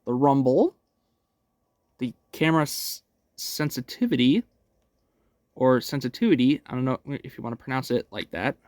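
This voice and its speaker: A man's voice: mid-range voice, normal speed, a little mellow, dry recording. A young man hosting a casual game walkthrough, talking each step through in an upbeat, chatty way at home. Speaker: gaming channel host.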